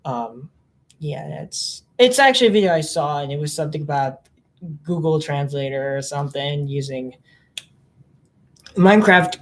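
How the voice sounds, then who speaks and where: Rambling vlogger with excited high bursts. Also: normal speed, long pauses. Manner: rambling, jumps between topics, pitch jumps up when excited; mimics other people in silly voices. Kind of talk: casual rambling monologue.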